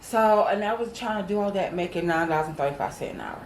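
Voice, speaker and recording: A woman's voice: medium pitch, fast, reverberant, slight background noise, rough recording. Earnest woman telling her testimony. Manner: earnest storytelling, acts out quoted voices, addresses viewers as y'all. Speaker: co-host. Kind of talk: casual testimony chat.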